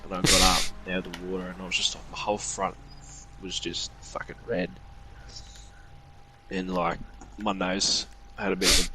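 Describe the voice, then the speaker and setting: A man's voice: sits low, level tone, normal speed, long pauses. A man in casual chat, telling a story and joking with sweary banter. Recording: loud background noise and clicks.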